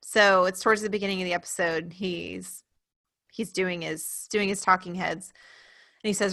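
A woman's voice: on the low side, steady tone, normal speed, vocal fry, fairly bright tone, no echo, clean studio sound. A woman co-hosting a podcast in casual chat, retelling scenes in a chatty way and giggling often. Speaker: podcast co-host.

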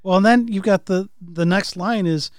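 A man's voice: high voice, normal speed. A man co-hosting a podcast, casually speculating about song lyrics and asking questions. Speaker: podcast co-host. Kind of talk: casual analytical chat.

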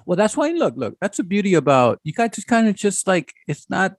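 Gravelly, husky man telling stories. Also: high-pitched, brisk, dry recording, clean studio sound. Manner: relaxed storytelling, animated. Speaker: podcast co-host. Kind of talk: casual chat.

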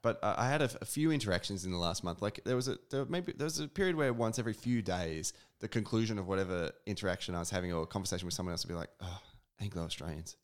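A man co-hosting a podcast, talking in a relaxed, casual way with plenty of fillers. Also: lowish voice, racing, few pauses. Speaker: podcast co-host. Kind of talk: casual chat.

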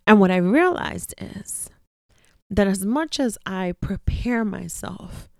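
Gravelly, candid woman podcast host. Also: mid-range voice, expressive, slow, darkish tone, dry recording, studio quality. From daughter of immigrant parents. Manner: candid, chatty, repeats phrases for emphasis. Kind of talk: casual personal monologue.

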